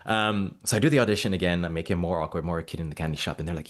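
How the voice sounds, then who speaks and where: Man from Mauritania, low voice, animated storyteller, interview guest. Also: rapid-fire, hardly any pauses. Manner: animated anecdotes, acts out quoted dialogue. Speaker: actor, guest.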